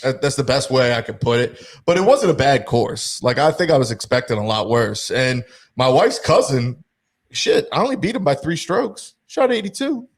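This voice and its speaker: A young man hosting a casual podcast, telling a story with lively acted-out quotes. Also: medium pitch, normal speed. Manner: animated, acts out quotes. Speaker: podcast host.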